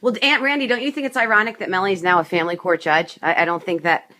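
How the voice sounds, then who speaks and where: A woman's voice: lowish voice, fairly even intonation, quick pace, bright, forceful tone. A woman hosting a conversation, interjecting with pointed questions and opinions. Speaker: host. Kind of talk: casual phone conversation.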